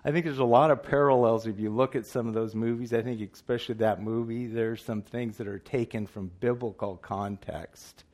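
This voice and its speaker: A man's voice: medium pitch, steady tone, moderate pace, hardly any pauses, darkish tone. A man preaching a sermon in earnest, emphatic style, asking his listeners questions.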